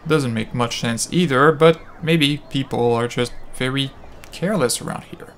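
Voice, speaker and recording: A man's voice: mid-range voice, normal speed, slight background noise. Man joking through a game playthrough. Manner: casual, joking. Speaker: let's play host. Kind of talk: gaming commentary. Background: game music.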